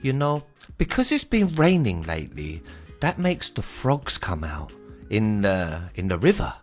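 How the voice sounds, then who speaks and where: A man's voice: on the low side, wildly swooping pitch, measured pace, faint music behind. A man doing an impression of a cheerful Thai treehouse owner who speaks in clipped, broken English.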